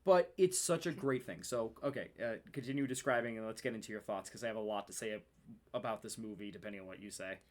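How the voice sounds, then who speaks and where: A man co-hosting a casual podcast chat, excitable and rambling, with frequent swearing. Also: fairly low pitch, fast. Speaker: podcast co-host.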